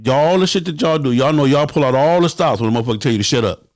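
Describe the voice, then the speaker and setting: A man's voice: on the high side, very fast, a little mellow. Blunt profane man on a livestream. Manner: blunt and profane, acts out quotes in a raised voice. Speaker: motorcycle club host giving advice. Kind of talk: livestream talk to viewers.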